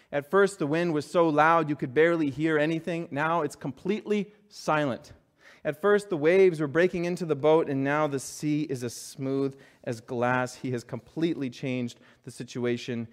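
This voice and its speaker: A man preaching a sermon, earnest and emphatic, dropping soft and low when reading scripture and rising to stress his points. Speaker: pastor.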